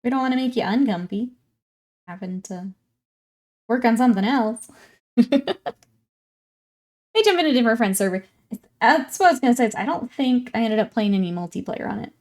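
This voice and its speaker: A woman's voice: on the high side, expressive, fairly quick, pauses often, a little mellow. A woman in her twenties chatting casually with stream viewers while working on a hobby project, laughing often and welcoming people in. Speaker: livestreamer.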